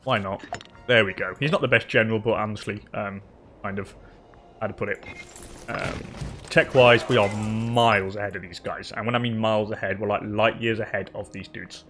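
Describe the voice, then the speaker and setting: A man's voice: on the low side, steady tone, normal speed, fairly bright tone. Young man, gaming host, casual commentary, rambling, swears, talks to on-screen characters, faint background hum. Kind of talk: casual let's-play commentary.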